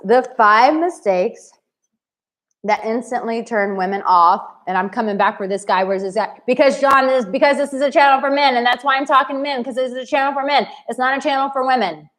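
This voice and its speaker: A woman dating coach in her thirties talking casually to camera, blunt and animated, acting out the people in her stories. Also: mid-range voice. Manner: animated and blunt, acts out quoted voices.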